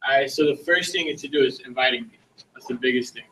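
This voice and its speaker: A man giving a casual sales training talk, relaxed and slangy, acting out sample conversations. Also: mid-range voice, quick pace, slight background noise. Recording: voice from some distance from the mic.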